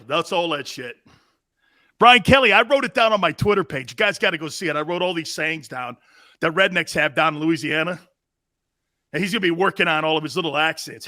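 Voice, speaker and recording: A middle-aged man hosting a live sports talk stream, loud and animated, laughing as he reads the chat. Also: on the high side, fairly quick. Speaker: sports talk show host.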